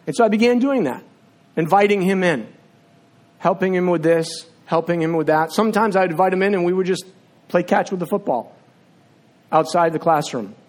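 Fairly high-voiced man preaching a sermon. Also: normal speed, long pauses. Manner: conversational storyteller, drops to a low hushed voice in prayer. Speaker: teacher. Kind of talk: sermon with personal storytelling and prayer. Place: church sanctuary with seats. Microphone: filmed on camera while preaching.

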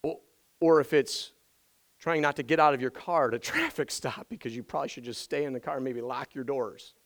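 A man preaching a sermon as pastor, energetic and emphatic, repeating his key phrases, his voice strained from yelling the day before. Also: mid-range voice, fairly quick, rough recording.

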